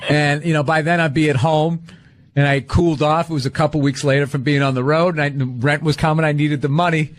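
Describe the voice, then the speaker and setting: A man chatting as a guest, telling stories in a profane, animated way. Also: fairly high pitch, brisk. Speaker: comedian guest. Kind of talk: casual chat.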